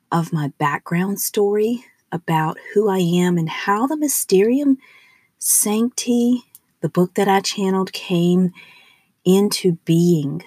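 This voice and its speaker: A woman in her forties with a Southern US accent, hosting a spiritual podcast in a soft, affirming, unhurried monologue. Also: fairly low pitch, breathy edge, dry recording. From southern United States. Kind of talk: gentle personal monologue.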